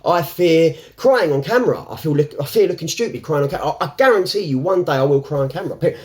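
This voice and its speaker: A man's voice: on the high side, expressive, fast, darkish tone. A man talking to camera in an unscripted, reflective way. He rambles, restarts often and laughs between thoughts. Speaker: self-help vlogger.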